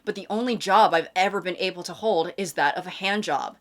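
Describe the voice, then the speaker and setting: A woman voicing a smug man who passes off cheating as polyamory, in a put-on British accent and a matter-of-fact deadpan. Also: lowish voice, brisk, lightly acted.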